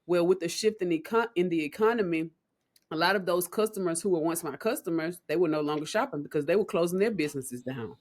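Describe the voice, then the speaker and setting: A woman's voice: fairly low pitch, fast talker. A woman guest on a podcast speaking earnestly and reflectively about her business. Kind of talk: conversational interview.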